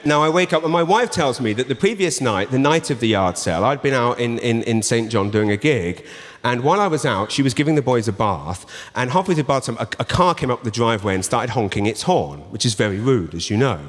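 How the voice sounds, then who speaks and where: A man's voice: medium pitch, animated, a little fast. An English man in his thirties performing a stand-up set, animatedly telling a story and acting out the people in it. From England. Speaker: stand-up comedian. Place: large theatre before a laughing audience. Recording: roomy theatre echo with long reverb.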